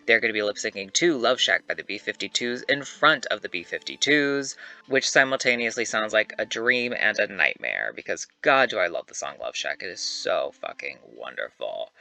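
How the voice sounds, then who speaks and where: A young man and YouTuber giving casual, animated commentary to camera, chatty and swearing freely. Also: on the low side, gravelly. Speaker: YouTuber ranking reality-show contestants.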